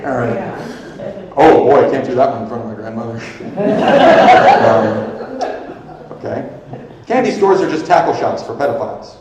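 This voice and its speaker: Rambling stand-up comic in an echoey club. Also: male voice, medium pitch, lively intonation, moderate pace, pauses often, heavy background noise. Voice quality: loose, rambling, laughs at own jokes. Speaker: stand-up comedian. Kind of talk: stand-up comedy set. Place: comedy club stage. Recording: echoey club with loud crowd.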